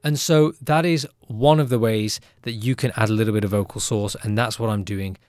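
A man who produces music gives a casual, upbeat tutorial in a chatty way, often tagging lines with a quick question. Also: lowish voice, steady tone, a little mellow, dry recording, studio quality.

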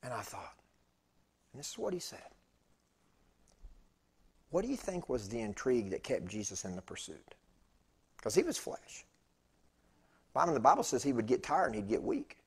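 A man preaching a sermon, telling a story with animated swings between loud bursts and hushed tones. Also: mid-range voice, normal speed, gravelly, long pauses, husky.

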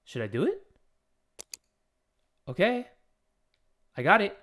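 Excitable young male game commentator. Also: high-pitched, slow pace. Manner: excitable, loud, joking and swearing. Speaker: gaming channel host. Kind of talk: let's-play commentary.

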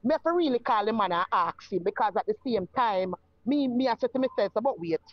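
A woman's voice: a little high, lively intonation, brisk, highs cut off. A woman with a Jamaican accent tells her own story in casual talk and acts out the voices of the people in it. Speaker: guest telling her story.

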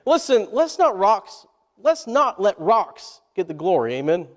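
In a church sanctuary with a long hall reverb, a male pastor preaches in call-and-response style, putting questions to the congregation so they'll answer back. His voice sits high and sounds very animated, yet he keeps a measured pace.

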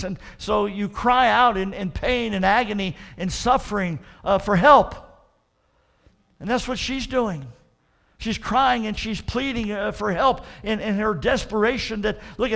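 Male pastor, sermon delivery; high, gravelly voice, earnest, repetitive restarts, punchy emphatic warnings. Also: moderate pace. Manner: earnest preaching with frequent repeated "and, and" restarts; swells to loud emphatic warnings.

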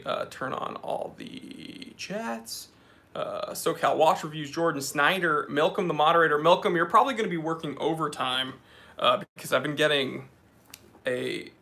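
A man talks easily to his live chat from an office, calling out viewer names and joking about their comments. His voice sits a little high for a man and sounds bright and forward. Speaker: live stream host. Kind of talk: casual live stream chat.

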